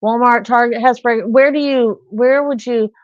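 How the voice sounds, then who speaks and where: A woman's voice: on the high side, fairly even intonation, normal speed, dry recording. A woman hosting a casual live chat, telling rambling everyday stories. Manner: chatty, rambling storyteller. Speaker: live stream host. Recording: dull lo-fi sound.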